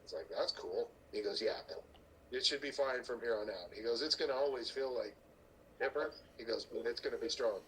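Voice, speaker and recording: A man's voice: mid-range voice, brisk, a little hiss or hum, poor audio. A middle-aged man, a strongman athlete guesting on a podcast, telling stories casually, acting out other people's lines and swearing freely. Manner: animated storyteller who acts out other people's lines; swears casually, laughs at his own stories. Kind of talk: casual storytelling chat.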